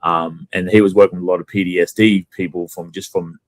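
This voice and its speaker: A man's voice: sits low, level tone, fairly quick, no room sound. An Australian man telling a rambling story in a casual podcast chat, swearing bluntly. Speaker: guest.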